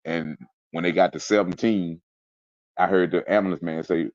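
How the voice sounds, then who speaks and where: Deep-voiced man retelling an ordeal. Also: fairly even intonation, moderate pace, a little mellow, dry recording, dull audio. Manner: intense, emphatic retelling with spoken sound effects. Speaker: interview guest. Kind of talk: personal storytelling in casual chat.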